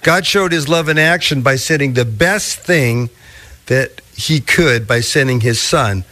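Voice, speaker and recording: Male pastor, sermon delivery, unhurried and emphatic, middle pitch. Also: pushed and bright. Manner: slow, deliberate preaching with drawn-out emphasis.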